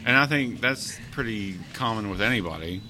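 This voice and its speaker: A man's voice: fairly low pitch, animated, normal speed, pushed and bright, slight background noise. A middle-aged man hosting a casual interview in a coffee shop, easygoing and joking. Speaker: host.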